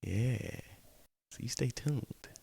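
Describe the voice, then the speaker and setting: A man's voice: medium pitch, slow, creaky, mellow, husky, no room sound. Male web-show host, mid-range voice, playful rambling monologue to camera, dry close sound. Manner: playful, rambling, talks straight to the viewers. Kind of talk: casual solo talk-show monologue.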